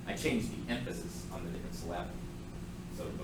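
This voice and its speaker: A man's voice: fairly low pitch, quick pace, reverberant, heavy background noise. A man teaching a math class, explaining with jokes and asides to his students. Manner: joking, lively, asides to students. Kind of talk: classroom lecture.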